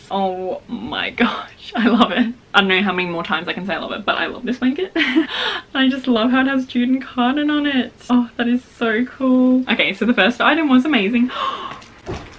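A young woman with a rather high voice films herself unboxing books, gasping and gushing over each item and saying "oh my gosh" again and again. The recording has its highs cut off and a little background noise.

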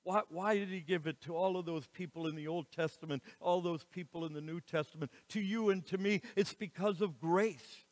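A man preaching a sermon as pastor, slow and emphatic, with dramatic rises and falls in his voice. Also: sits high. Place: church sanctuary. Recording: reverberant church hall.

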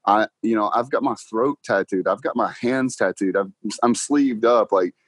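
Young guy telling a story fast, laughs a lot, says bro, dry mic. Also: lowish voice, no echo. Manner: excited, laughs often, talks fast with "like" and "bro". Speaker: guest car salesman. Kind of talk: casual storytelling interview.

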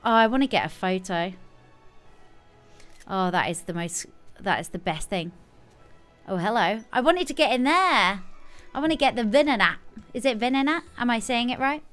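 A woman streaming a video game live, chatting casually with sudden excited squeals. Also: on the high side, normal speed, pauses often, clean tone, soft background music. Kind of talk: casual live gameplay commentary.

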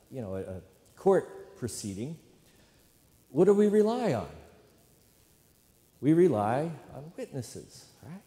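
A male pastor gives a sermon in a mellow, warm voice with a middle pitch. He speaks conversationally, leads call-and-response with the congregation and keeps asking "right?". The sound carries a long reverb, as in a church sanctuary.

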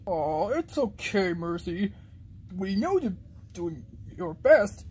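A woman voicing a calm, steady boy in a homemade cartoon, pitching her voice lower and speaking in a soothing, matter-of-fact way. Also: slow pace, a little hiss or hum. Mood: reassuring.

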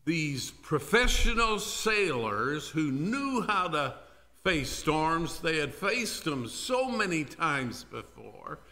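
A man's voice: on the high side, bright, forceful tone. A male pastor preaching a sermon in a church worship service, telling the story dramatically and speaking directly to the congregation.

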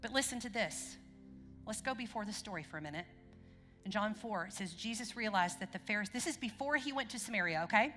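A woman's voice: medium pitch, animated, quick pace, pushed and bright. A woman preacher giving a conversational sermon in a church, often checking in with the congregation with questions. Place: church sanctuary. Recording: long hall reverb with faint music.

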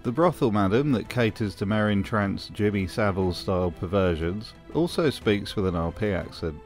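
A man's voice: lowish voice, expressive, normal speed, faint music behind. A man hosting comedic review commentary with a sardonic, mocking manner. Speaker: host.

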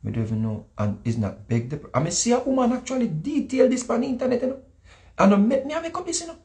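Jamaican guy chatting, telling stories, gravelly voice, acts out everyone he quotes. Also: extremely high pitch, fast talker. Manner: animated, repetitive, acts out quotes. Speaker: guest speaker. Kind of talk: casual storytelling chat.

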